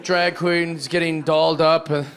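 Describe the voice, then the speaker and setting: A man performing stand-up comedy on stage before a live audience, animated and profane, acting out the voices of the people in his stories. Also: on the high side, measured pace. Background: audience laughter.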